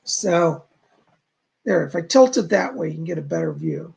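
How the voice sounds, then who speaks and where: Male livestream host, rough gravelly voice, breathy edge, chatty and rambling, reads chat aloud. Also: fairly high pitch, huge pitch swings, moderate pace, darkish tone. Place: home studio.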